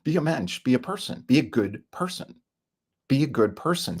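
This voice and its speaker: A man's voice: mid-range voice, very animated, normal speed. A middle-aged man giving a rambling self-help talk, full of fillers and frequent chuckles. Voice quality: gravelly, husky.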